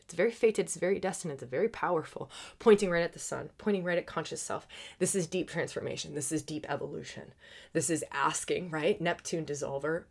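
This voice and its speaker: Low-voiced woman rattling off her weekly astrology forecast, fast and giggly, drops to whispers sometimes. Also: vocal fry. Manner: fast, excited, laughing, with sudden soft whispers. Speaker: astrologer and podcast host.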